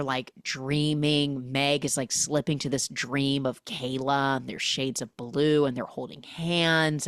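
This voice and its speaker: A woman's voice: extremely low pitch, no echo. A woman hosting a podcast, animatedly recapping a film, acting out the characters' lines and humming the score.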